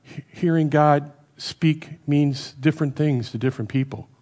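A middle-aged man delivers a sermon in a loose, conversational manner. He keeps checking in with his listeners and swings between loud emphatic stretches and quiet, low asides. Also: fairly even intonation, a little slow. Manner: varies loudness a lot, rising for emphasis and dropping low. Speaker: preacher.

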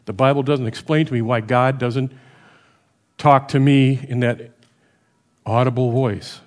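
Middle-aged guy preaching, chatty, keeps asking "right?", gets loud then drops low. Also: fairly even intonation, a little slow. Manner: varies loudness a lot, rising for emphasis and dropping low. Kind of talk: sermon.

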